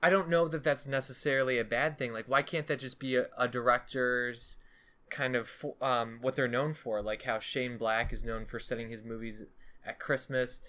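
A man in easygoing podcast conversation with a middle-pitched voice. He is agreeable and a little halting as he works out his point. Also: steady tone, bright, forceful tone. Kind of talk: casual film discussion.

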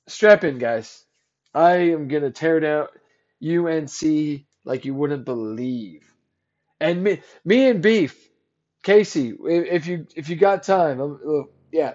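A young man with a high voice hosts a solo sports podcast. He rants with biting sarcasm and swears freely, swinging between low grumbles and loud, heated outbursts. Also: lo-fi sound. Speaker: podcast host.

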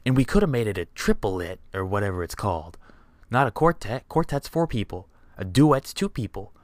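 A man's voice: lowish voice, big pitch swings, normal speed, dry recording. Profane rambling young man storyteller. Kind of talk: casual storytelling monologue.

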